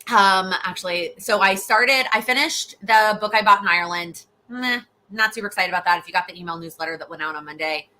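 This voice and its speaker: Woman, young adult, bright tone, casual live Q&A host, chatty with restarts and fillers. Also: on the low side. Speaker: host, goal-setting coach. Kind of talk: live Q&A chat.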